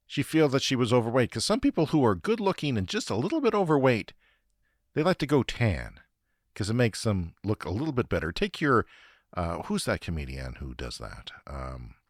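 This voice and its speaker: A man's voice: lowish voice, no echo, studio quality. A Canadian man hosting a podcast and telling a comic story in a profane, ranting, self-deprecating way. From Saskatchewan, Canada. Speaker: podcast host. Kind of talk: comedic storytelling monologue.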